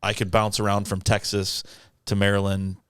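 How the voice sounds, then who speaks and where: A man's voice: lowish voice, completely flat delivery, normal speed, fairly bright tone, smooth, dry recording, clean studio sound. A man co-hosting a casual podcast chat, talking in a rambling way with frequent restarts. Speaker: podcast co-host.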